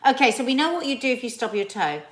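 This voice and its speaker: A woman with a high, sing-song voice talks fast while hosting a live stream. She chats casually and reads viewer comments aloud with playful, exaggerated delivery.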